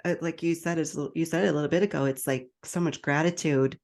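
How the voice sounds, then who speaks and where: A woman's voice: low-pitched, fairly even intonation, quick pace, darkish tone. A middle-aged woman hosting a podcast, talking reflectively in casual conversation with many fillers. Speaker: podcast host.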